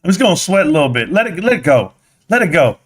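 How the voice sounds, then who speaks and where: A young man hosting a live stream, talking excitedly, reading chat and yelling at times, sweaty and winded. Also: a little high, fast talker, husky. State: sweating in a helmet. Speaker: livestream host.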